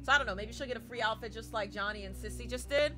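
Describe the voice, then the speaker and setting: A woman chatting casually and excitedly on a live gaming stream, talking back to the game and thanking viewers. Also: fairly high pitch, fast, over music.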